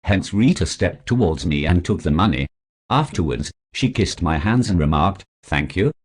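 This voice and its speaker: A man's voice: deep voice, animated, moderate pace, a little mellow, breathy edge. A man narrating his own story in a formal, stiff storybook manner. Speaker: author narrator.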